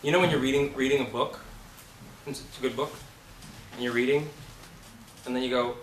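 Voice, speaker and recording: Acting coach, blunt and swearing freely, with a sharp forceful voice, recorded from across a roomy classroom. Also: male voice, medium pitch, fairly even intonation, fast, slight background noise. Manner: blunt, profane and emphatic. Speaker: acting teacher. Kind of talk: casual classroom talk. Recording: roomy, from a distance.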